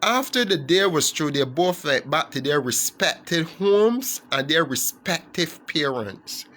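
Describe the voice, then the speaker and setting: Earnest guy telling a kids fable, bit high voice, repeats himself a lot. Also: fairly bright tone. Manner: repetitive, earnest, with self-corrections. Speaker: storyteller. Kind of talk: storytelling to an online audience.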